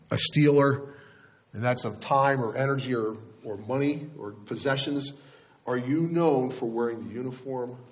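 Man, older, pastor, earnest sermon, average pitch, talks with restarts. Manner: earnest, conversational preaching with restarts. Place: church.

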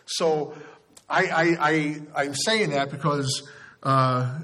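A man's voice: on the high side, takes it slowly, sharp tone. A male pastor giving a sermon in a conversational storytelling way, often restarting his sentences.

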